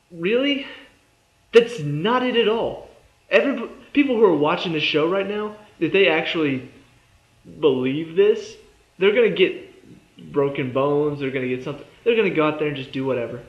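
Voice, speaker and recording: A man's voice: sits high, moderate pace. A young man giving a casual, exasperated review of a TV episode, sarcastic and fond of mimicking the characters. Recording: echoey room, dull lo-fi sound.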